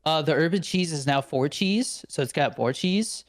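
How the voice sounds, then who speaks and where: Slightly high-pitched and speaking at a normal pace, this young podcast co-host spins stories in relaxed conversation. He laughs a lot, curses freely, and performs the quotes he recounts with animation.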